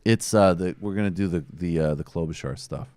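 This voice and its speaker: A man's voice: sits low, fairly quick, a little mellow, no room sound. A man hosting a casual political talk show, wry and rambling, with lots of fillers. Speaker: host.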